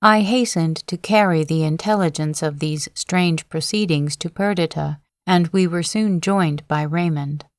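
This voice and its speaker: A woman narrates a classic novel for sleep, calm and measured, in a lowish voice at a very slow pace. The recording is dry and close, with no room around it. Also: no room sound. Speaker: audiobook narrator. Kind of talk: sleep-story audiobook reading.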